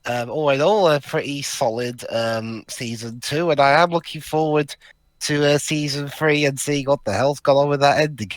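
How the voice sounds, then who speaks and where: A man co-hosting a casual review podcast, talking in a relaxed way with many fillers. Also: a little high, moderate pace, no echo. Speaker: podcast co-host.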